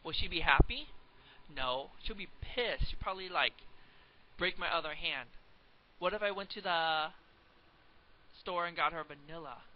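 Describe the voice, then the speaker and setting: Young male math teacher, playful and chatty, slightly raised pitch, lo-fi webcam sound. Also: a little slow, pauses often. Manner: chatty, joking, asks the viewer questions. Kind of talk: casual classroom lecture. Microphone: webcam microphone. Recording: dull lo-fi home webcam recording with faint hiss.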